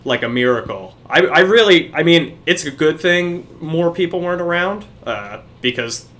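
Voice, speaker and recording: A man's voice: fairly high pitch, expressive, moderate pace, fairly bright tone. A young man, a podcast co-host, telling a profane story in casual chat.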